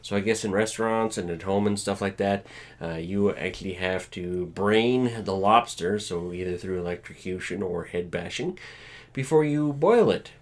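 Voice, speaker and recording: A man from Canada co-hosting a laid-back news chat in a lowish voice. He reads out stories dryly, with plenty of uhs along the way. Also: normal speed. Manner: relaxed, dry, reads out news items with fillers. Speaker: podcast co-host.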